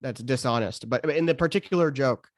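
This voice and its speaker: A man's voice: medium pitch, fairly quick. A man in his thirties from the United States, a stand-up comedian talking casually on a podcast with frequent restarts and fillers. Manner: hesitant, many restarts and fillers.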